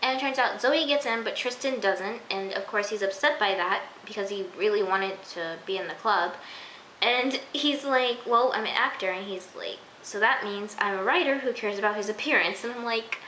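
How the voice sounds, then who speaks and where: A woman's voice: mid-range voice, moderate pace, pushed and bright, a little hiss or hum. A woman casually recapping a TV episode for her vlog, chatty and full of "like", acting out her own reactions. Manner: chatty, lots of "like", acts out reactions. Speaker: TV episode reviewer. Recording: echoey room.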